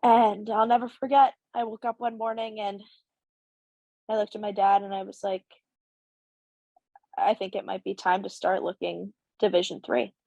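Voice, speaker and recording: A young woman tells her story as a podcast guest, her voice sitting in a middle pitch. She is lively and acts out the dialogue within it. The sound is dry and close, with no room in it. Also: moderate pace, creaky, pauses often, no echo, dull audio. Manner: animated, acts out quoted dialogue. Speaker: podcast guest, college hockey player. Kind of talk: casual storytelling interview.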